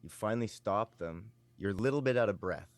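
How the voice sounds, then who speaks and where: Man, low voice, podcast co-host, laughing, eager, dry close sound. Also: fairly quick, no room sound. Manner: laughing, eager coaching of others. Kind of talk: casual chat.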